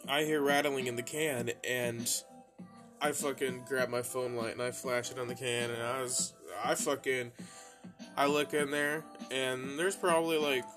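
A young man telling rambling, profane stories in a casual monologue, laughing and mimicking his friends. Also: medium pitch. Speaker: podcast host telling stories. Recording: faint music bed behind.

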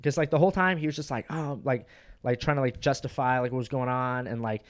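Young male comic host, casual podcast chatter, rambling and swearing, mid-pitch voice. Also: steady tone, fast. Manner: rambling, profane, filler-heavy. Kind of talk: casual chat.

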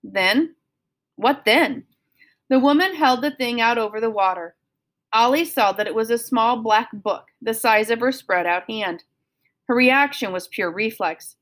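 A woman with a fairly high voice reads a children's novel aloud. She tells the story steadily and expressively. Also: normal speed, a bit bright. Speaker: audiobook reader.

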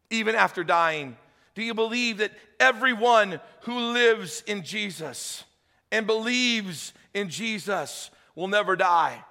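A man preaching a sermon as pastor, telling the story with acted voices, loud shouted peaks and hushed appeals. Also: high voice, in a large hall. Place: church hall.

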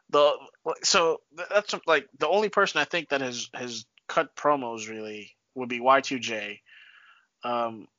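Lively bright-voiced man chatting. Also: mid-range voice, takes it slowly, no echo. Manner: animated, steers the topics, frequent restarts. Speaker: podcast co-host. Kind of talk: casual chat. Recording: dull lo-fi sound.

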